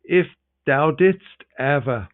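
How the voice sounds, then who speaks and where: A man's voice: on the high side, animated, slow pace, pitched above the performer's own voice. A man voicing a dry, sardonic male critic who talks in a mocking, theatrical way. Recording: tinny, phone-like sound.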